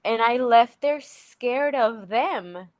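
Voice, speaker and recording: A woman's voice: on the high side, lively intonation, slow pace, a little mellow, no room sound. A woman guest in an interview, candidly telling a personal story and acting out the voices of people in it. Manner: candid, acts out quoted dialogue.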